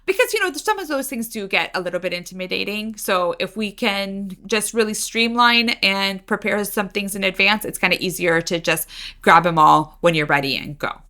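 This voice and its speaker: A woman's voice: mid-range voice, moderate pace, pushed and bright. A woman co-hosting a food podcast in easygoing casual chat, full of "like" fillers. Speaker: podcast co-host.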